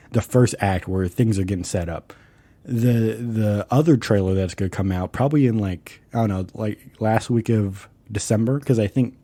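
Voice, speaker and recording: Dark-voiced, swearing podcast host. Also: male voice, fairly low pitch, breathy edge, no echo. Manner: profane, rambling, enthusiastic. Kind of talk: casual solo podcast monologue.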